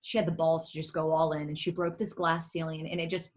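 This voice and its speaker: An animated woman giving a motivational talk on a video call, emphatic, acting out little quotes and laughing as she goes. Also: sits low, fairly quick. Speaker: network marketing leader speaking as a guest.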